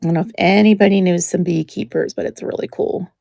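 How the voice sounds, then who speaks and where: A woman hosting a live jewelry auction stream, chatting in a relaxed way as she describes each piece, with many ums. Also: fairly low pitch, quick pace, creaky, no echo.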